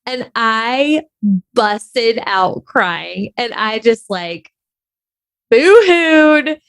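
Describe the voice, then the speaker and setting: A woman's voice: on the high side, very slow, fairly bright tone, clean tone, no echo. A woman telling a personal story in a casual, candid way, full of "like" and "you know.". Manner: chatty and candid, heavy on fillers like "like". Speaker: online creator.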